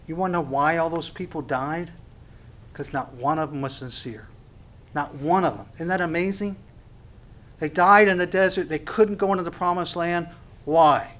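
A man delivers a sermon in a high, ringing voice. He preaches with passion, dropping into short acted-out exchanges between God and his listeners. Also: normal speed, a bit bright. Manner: impassioned, acts out dialogue with God.

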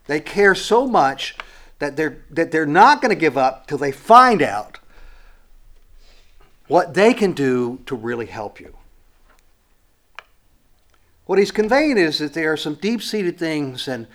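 A man preaching a sermon in a reflective way, with frequent pauses and fillers, moving from hushed lines to emphatic rising phrases. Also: a little high, sing-song.

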